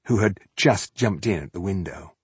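Brief: a low-voiced male audiobook narrator, lively and expressive, with a husky tone. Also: normal speed, no room sound. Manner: expressive storytelling. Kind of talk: scripted narration.

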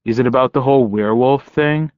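A man's voice: mid-range voice, fast, clear, resonant tone, no room sound, dull audio, natural voice. A man voicing a teasing, amused young werewolf man in an audiobook, easy and mocking. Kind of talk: audiobook character voice.

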